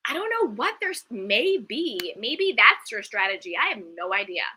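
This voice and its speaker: A woman's voice: fairly high pitch, very animated, unhurried, bright, forceful tone, a little hiss or hum, low-quality recording. A young adult woman hosting a casual live-stream, giving candid, emphatic opinions and reading viewer comments aloud. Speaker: reality TV commentary host.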